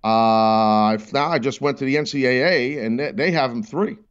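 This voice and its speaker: A man's voice: mid-range voice, normal speed, clean tone, dull audio. A man hosting a sports talk call-in show, bantering with callers and ranting with mock indignation. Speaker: host.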